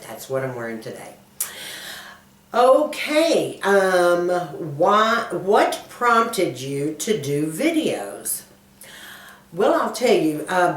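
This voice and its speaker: A woman's voice: low voice, reverberant, far from the mic, poor audio. A woman in her sixties from Dallas with a thick Texan accent, chatting folksily to her viewers as she answers questions for her video channel. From Dallas, Texas. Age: 60s. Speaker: motivational speaker and YouTuber.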